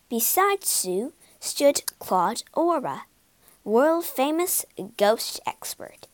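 A woman narrating a children's storybook for learners, expressive and clear. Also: high voice, extremely slow, no room sound.

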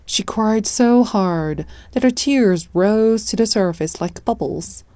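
A woman reading a children's picture book aloud in an expressive storytelling manner. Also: medium pitch, slow, no room sound. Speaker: storybook reader.

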